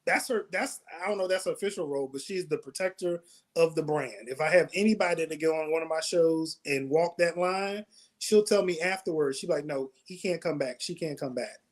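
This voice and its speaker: High-voiced male comedy host. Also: brisk. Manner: animated storytelling with laughs. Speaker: comedy show host and producer. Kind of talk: casual interview chat.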